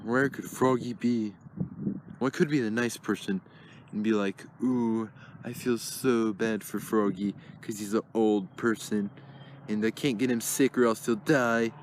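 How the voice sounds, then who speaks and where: A man's voice: on the low side, fairly even intonation, a little slow, a little hiss or hum, natural voice. A man voicing Ted, a dim-witted, mischievous teddy bear in a plush toy comedy, talking in a frantic, stammering dither.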